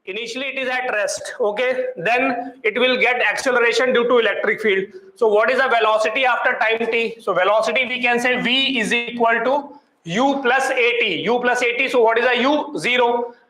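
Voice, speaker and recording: Very high-voiced, bright male teacher. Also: steady tone, moderate pace, reverberant, poor audio. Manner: quizzes students with constant rhetorical questions. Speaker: physics teacher. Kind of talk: classroom problem-solving lecture. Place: classroom.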